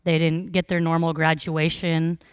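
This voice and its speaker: A woman's voice: sits low, little pitch movement, moderate pace, clean tone, dry recording. A young woman preaching a sermon in a conversational, storytelling way, with frequent fillers.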